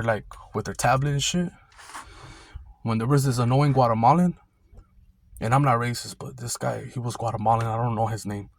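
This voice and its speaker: A man's voice: medium pitch, dry recording. Rambling, profane man telling a story. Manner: rambling, profane, street slang. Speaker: storyteller recalling a security job. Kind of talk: casual storytime monologue.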